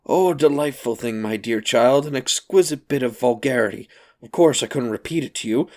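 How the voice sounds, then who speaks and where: Reading aloud, a man voices a thin, crouched old grandfather who wheezes, grates, and chuckles with mischievous, amused glee. His medium-pitched, darkish voice runs a little fast, raised above his own natural pitch yet close to an everyday voice.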